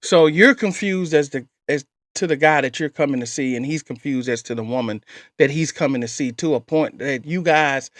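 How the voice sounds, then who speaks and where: A man's voice: a little high, fairly bright tone, no room sound. A man hosting a reaction show, giving casual, skeptical commentary and repeating his points for emphasis. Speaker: host reacting to a clip.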